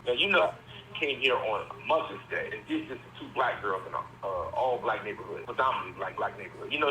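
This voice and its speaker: This is a candid prison phone interview with a man in his forties from Virginia, USA, who speaks plainly and earnestly, wandering a little as he talks. His medium-pitched voice sounds bright and forceful, and the poor audio has a little hiss or hum.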